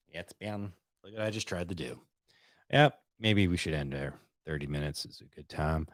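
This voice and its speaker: A man's voice: low-pitched, moderate pace, dry recording, clean studio sound. A man hosting his own podcast from home, rambling in a casual, self-deprecating, sometimes profane way. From Boston, USA. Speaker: podcast host. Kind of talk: casual solo podcast chat. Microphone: headphones with podcast mic.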